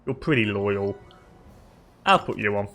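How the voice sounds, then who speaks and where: A man's voice: on the low side, lively intonation, a little slow, fairly bright tone, slight background noise. A young man hosting a gaming channel, rambling casually through his strategy game, swearing and chatting to the characters on screen. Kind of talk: casual let's-play commentary.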